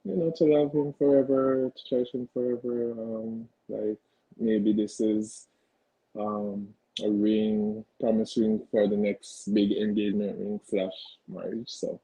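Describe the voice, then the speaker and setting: Male interview guest, low husky creaky voice, short hesitant answers. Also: level tone, measured pace, dark tone, dry recording, low-quality recording. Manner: brief, hesitant answers with many fillers. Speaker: guest single.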